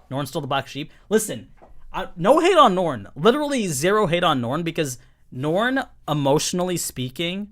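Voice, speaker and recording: A young man hosting a casual live-stream anime review, talking in a chatty, emphatic way, full of 'like' and 'you know'. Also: on the high side.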